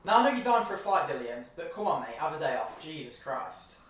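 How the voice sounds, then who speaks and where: A man's voice: on the high side, big pitch swings, fast talker, fairly bright tone, slight background noise. A young man co-hosting a casual boxing show, joking and swearing a lot. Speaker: co-host. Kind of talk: casual banter. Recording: echoey room from a distance.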